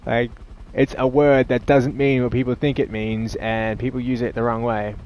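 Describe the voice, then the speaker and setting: A man's voice: mid-range voice, flat delivery, normal speed, a little mellow, a little hiss or hum. An Australian man giving rambling, sarcastic live commentary while playing a video game, easily exasperated. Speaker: gaming channel host.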